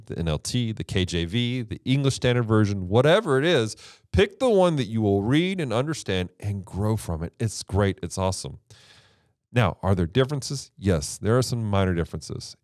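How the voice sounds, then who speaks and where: A man's voice: fairly low pitch, darkish tone, no room sound, clean studio sound. A man hosting a Bible teaching show, explaining translations in a casual, emphatic way with rhetorical questions.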